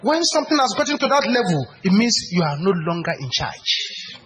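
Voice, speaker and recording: Male preacher, higher register, punchy and repetitive delivery, faint noise behind. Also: big pitch swings, moderate pace, poor audio. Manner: emphatic, repetitive, rises to shouted prayer. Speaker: pastor. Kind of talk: sermon.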